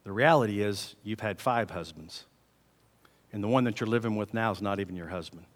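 Calm soft-spoken jesus, as a preacher plays him, low, gentle, echoey hall. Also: male voice, fairly quick, close to an everyday voice.

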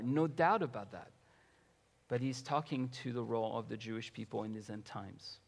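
Man preaching in an echoing hall. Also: fairly high pitch. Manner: impassioned, rising to loud emphatic reading. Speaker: pastor. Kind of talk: sermon.

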